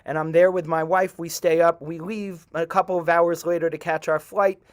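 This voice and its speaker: Middle-aged guy telling a personal story to a crowd, slightly high voice, earnest, lots of pauses. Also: flat delivery, clear, resonant tone. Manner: earnest, halting, with many pauses. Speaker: storyteller at a community event. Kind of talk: personal storytelling to a live audience.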